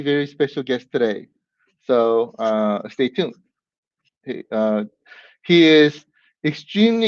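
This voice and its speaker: A man hosting a live stream, whooping and greeting viewers by name with lots of excitement. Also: mid-range voice, no room sound. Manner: hyped, whooping, warm greetings to chat. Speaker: livestream host. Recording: dull lo-fi stream audio.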